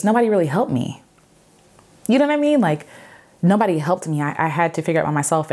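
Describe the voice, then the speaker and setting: A woman sharing her own story in an earnest, reflective way, with many fillers and repeated phrases, and gentle pleading advice. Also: sits low. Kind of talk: personal testimony to camera.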